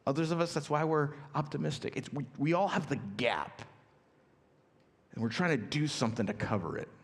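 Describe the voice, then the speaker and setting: A man preaching a sermon in a relaxed, conversational way, telling stories and acting out quotes. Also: on the high side, a little fast, creaky. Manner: conversational, storytelling with acted quotes. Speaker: pastor. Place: church auditorium. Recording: church hall reverb.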